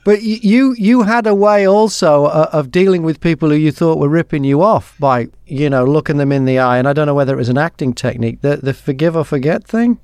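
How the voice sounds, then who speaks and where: A man's voice: a little high, fairly quick, few pauses, a little mellow, clean tone, no room sound, clean studio sound. A man hosting a radio podcast countdown, with a polished presenter delivery. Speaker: host.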